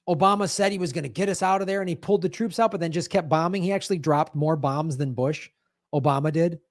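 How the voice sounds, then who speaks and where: A man's voice: high-pitched, no echo, studio quality. A man, a stand-up comedian, ranting in sarcastic, heated political commentary. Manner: sarcastic, heated, acts out mocking quotes.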